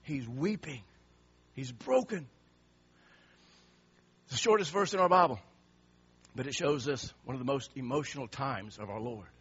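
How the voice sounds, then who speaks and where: A man's voice: mid-range voice, a little fast, fairly bright tone, slightly rough, lo-fi sound. A male pastor preaching an impassioned sermon, emphatic and repeating words for effect.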